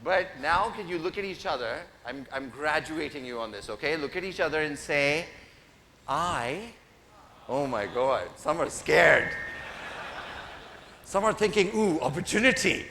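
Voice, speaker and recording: A man's voice: fairly high pitch, lively intonation, measured pace, long pauses, pushed and bright. Playful male keynote speaker in a hall. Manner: playful, teasing, directs the audience. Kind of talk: interactive keynote speech. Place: large conference hall. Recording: reverberant hall, faint noise.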